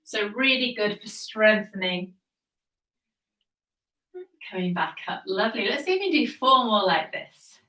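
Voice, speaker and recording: A woman leading a Pilates workout, cueing each move calmly and encouragingly, a little out of breath as she exercises along. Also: medium pitch, measured pace, pauses often, far from the mic. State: slightly out of breath. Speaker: Pilates instructor. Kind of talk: guided workout instruction. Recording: echoey room, voice off-mic.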